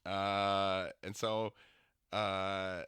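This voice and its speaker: A man's voice: deep voice, little pitch movement, extremely slow, a bit bright, clear, resonant tone, no echo. A man hosting a comedy podcast, telling stories in a rambling way and often breaking off mid-sentence. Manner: rambling, self-interrupting storytelling. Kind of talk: comedic solo monologue.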